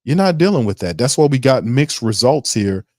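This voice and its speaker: A man's voice: mid-range voice, big pitch swings, moderate pace, dark tone, no room sound. Brief: New man, sports stream host, heated profane rant, dry close sound. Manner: fired-up, ranting, profane, mocking impressions.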